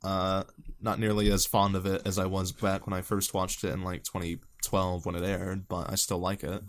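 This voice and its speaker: A man's voice: sits low, level tone, normal speed. A man co-hosting an anime podcast in loose, profane, rambling casual chat. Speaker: podcast co-host.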